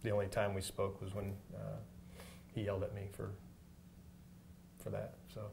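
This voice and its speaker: Low-voiced man answering with hesitant restarts. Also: monotone, moderate pace, vocal fry, background noise. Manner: hesitant, thoughtful, many restarts. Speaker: rock guitarist guest. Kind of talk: casual interview answers.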